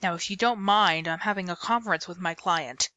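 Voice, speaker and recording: A man's voice: high-pitched, fairly quick, bright, forceful tone, no echo, highs cut off. Woman doing a sarcastic grumbling lawyer. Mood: irritated. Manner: sarcastic, impatient. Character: gruff grumbling male public defender.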